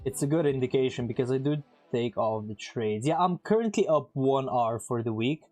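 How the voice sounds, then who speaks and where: A man giving casual live-stream commentary as he trades, chatting with viewers and throwing in quick asides. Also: medium pitch, expressive, dark tone, faint music behind.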